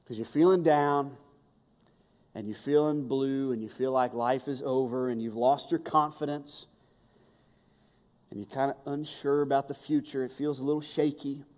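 A man's voice: medium pitch, fairly even intonation, normal speed, a little mellow. Fervent man preaching in a hall. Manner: impassioned, emphatic, repeats key phrases. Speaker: pastor. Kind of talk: sermon. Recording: long hall reverb.

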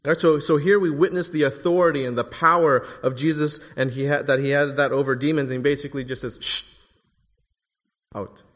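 A male preacher delivering a sermon with emphatic, rising delivery that pushes hard on key phrases. His voice sits somewhat high for a man, and it rings out with a long reverb, as in a church sanctuary. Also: fairly even intonation, fast talker, few pauses, a bit bright.

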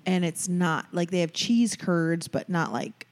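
A woman's voice: on the low side, a little mellow. Chatty, teasing young woman. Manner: chatty, jokey, quick to tease. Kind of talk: casual chat.

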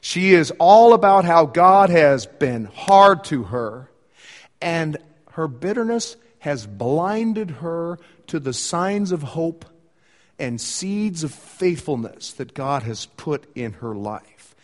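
A man preaching a sermon in an earnest, conversational way, shifting his loudness for emphasis. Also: on the high side, big pitch swings, takes it slowly, long reverb tail. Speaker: pastor.

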